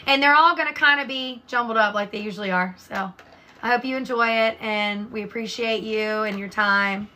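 A woman's voice: fairly high pitch, normal speed, sharp tone, a little hiss or hum. A woman, co-hosting a podcast, telling stories bluntly and swearing freely. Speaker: podcast co-host. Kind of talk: casual chat.

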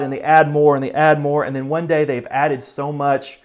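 A man preaching a sermon as a pastor, talking earnestly and conversationally, speeding up and slowing down for emphasis. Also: on the high side, little pitch movement.

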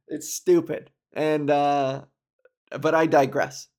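A man in a casual, animated monologue, laughing often and mimicking others mockingly. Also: a little high, a little slow.

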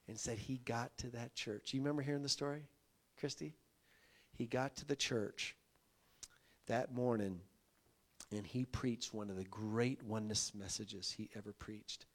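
Male pastor, conversational sermon storyteller, mid-pitched, climbs to forceful emphatic lines. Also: fairly even intonation, normal speed. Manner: folksy, builds to emphatic peaks.

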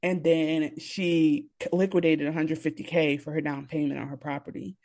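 A woman's voice: low voice, normal speed. Candid young American woman co-host. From United States. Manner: candid, profane, animated when quoting others. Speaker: podcast co-host. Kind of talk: casual podcast chat.

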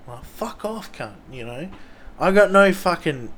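A young man with an Australian accent hosting a podcast, telling rambling stories full of swearing and loudly acted-out quotes. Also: high-pitched, animated, unhurried. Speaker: podcast host. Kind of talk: casual storytelling.

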